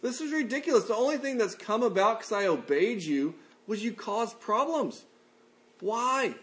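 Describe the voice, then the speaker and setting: A man voicing an exasperated male prophet who complains to God in a whiny, high-pitched voice. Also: expressive, normal speed, fairly bright tone.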